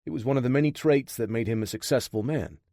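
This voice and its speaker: Studio-quality audio with no room sound captures a man narrating a thriller audiobook. His mid-range voice keeps to a steady, measured storytelling pace.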